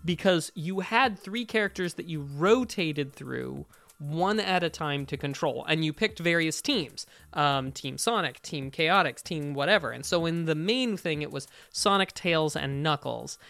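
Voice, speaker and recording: A man's voice: fairly high pitch, lively intonation, measured pace, vocal fry, a bit bright, dry recording. Chatty man reasoning aloud on a stream. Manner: chatty, thinks aloud, explains at length. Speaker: co-host of a live gaming show. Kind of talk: casual live-stream chat.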